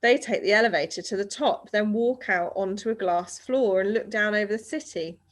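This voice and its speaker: A woman's voice: mid-range voice, moderate pace, lightly acted. A woman reading aloud and voicing a skinny, chatty young boy, eager and friendly.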